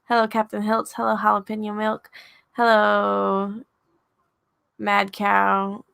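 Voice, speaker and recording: A teenage girl at home reading out viewer names in a flat, offhand way on her father's livestream. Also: mid-range voice, takes it slowly, gravelly, smooth, no echo. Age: teens. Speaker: host's daughter. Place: home studio.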